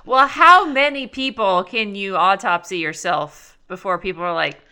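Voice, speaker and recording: A woman's voice: medium pitch, normal speed, bright, forceful tone, smooth. A woman co-hosting a podcast who reacts with gasps, sarcastic remarks and swearing in casual chat.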